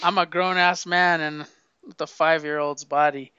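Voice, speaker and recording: Bright, clear-voiced man chatting casually. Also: on the high side, fairly even intonation, normal speed, dry recording, lo-fi sound. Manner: playful, self-mocking, laughs often. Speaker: podcast co-host. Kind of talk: casual chat.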